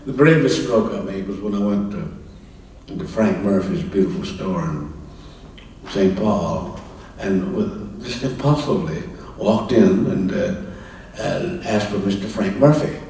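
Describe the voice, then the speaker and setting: Older man, low voice, distant in an echoing hall. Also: mellow, a little hiss or hum. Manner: anecdotal, chuckling, halting with fillers. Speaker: interview guest. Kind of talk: live stage conversation, storytelling. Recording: roomy, distant mic in a hall.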